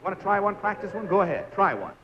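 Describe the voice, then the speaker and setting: A man's voice: high voice, big pitch swings, fast talker, crowd noise. Upbeat guy hosting a 50s tv game show, voice jumps all over, kinda muffled vintage broadcast. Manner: jovial, coaxing, laughing instructions to contestants. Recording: lo-fi 1950s television audio.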